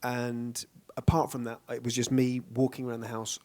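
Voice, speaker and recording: A man's voice: medium pitch, completely flat delivery, moderate pace, darkish tone. Chatty man on a festival stage. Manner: chatty, self-deprecating, laughs often. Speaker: actor guest on a panel. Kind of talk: casual onstage Q&A.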